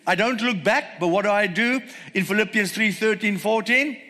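A man preaching a sermon, emphatic, asking the congregation rhetorical questions and slowing words down for stress. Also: sits high, bright, forceful tone, in a large hall.

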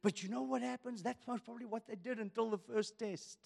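A male pastor preaching a sermon, emphatic and full of rhetorical questions, swinging from loud declarations to hushed asides. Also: very high-pitched, fairly even intonation, brisk, gravelly, long reverb tail.

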